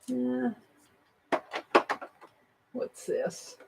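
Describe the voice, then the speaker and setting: A woman talks her way through an art journal page at her craft desk, unhurried and easygoing. She chats to viewers and herself, dropping into soft murmured asides as she works. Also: high voice, very animated, creaky, slightly rough, rough recording. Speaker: art journaling livestream host. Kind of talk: casual crafting narration.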